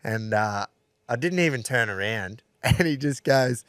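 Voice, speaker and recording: A man's voice: fairly low pitch, expressive, measured pace, a bit bright, clear, resonant tone, dry recording, studio quality. An Australian man co-hosting a podcast, telling pub yarns in casual chat, swearing freely and laughing through his stories. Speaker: podcast co-host.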